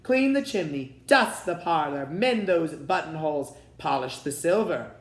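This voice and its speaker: A man's voice: on the high side, animated, measured pace. A man voicing a cold, bossy stepmother in a storybook reading, curt and commanding, in a roomy echo. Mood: sly.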